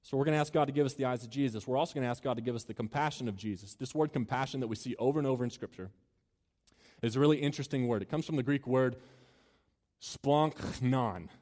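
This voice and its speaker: A man with a medium-pitched, darkish voice races through a sermon to students as a campus minister. He mixes jokes and casual chat with earnest, building moments, and the long reverb of a large hall is heard.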